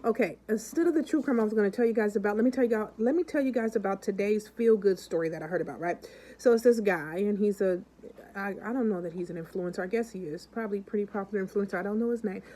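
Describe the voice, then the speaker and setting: A woman's voice: mid-range voice, quick pace, warm tone, a little hiss or hum, poor audio. A woman vlogger chatting casually with her viewers and telling stories, acting out the people in them. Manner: chatty, keeps calling out to the viewers. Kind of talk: casual chat and storytelling to viewers.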